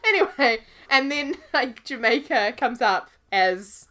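A woman's voice: on the high side, animated, unhurried, pushed and bright. A woman co-hosting a casual podcast chat, teasing and laughing often while she talks. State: recovering from illness. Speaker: podcast co-host.

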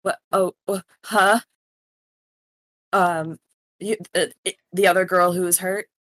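A woman's voice: on the low side, fairly even intonation, takes it slowly, a bit bright, dry recording. A woman casually playing a tabletop game, hesitant and full of fillers. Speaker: player.

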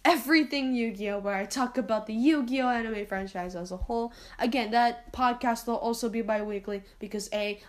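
A woman hosts her own podcast alone, talking loosely to her listeners. She rambles, restarts her sentences, and fills gaps with ums. Her asides sound self-deprecating and anxious. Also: medium pitch. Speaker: podcast host. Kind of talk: solo podcast outro. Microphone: home podcast mic, uneven volume.

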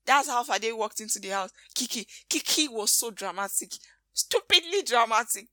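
A woman with a Nigerian accent, hosting a podcast and recapping movies in an animated, gossipy way full of slangy asides. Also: on the high side, moderate pace, dry recording. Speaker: podcast host. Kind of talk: casual movie recap chat.

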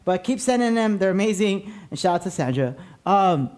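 Guy with a high voice hosting a podcast, jokey, laughs a lot, swears. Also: animated, normal speed, a little mellow. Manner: joking, laughs often, swears casually. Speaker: podcast host. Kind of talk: casual chat.

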